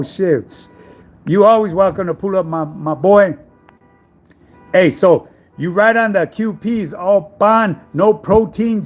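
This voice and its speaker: A middle-aged man, an online fitness coach, chatting casually on a livestream and answering viewer messages in laid-back street slang. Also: high voice.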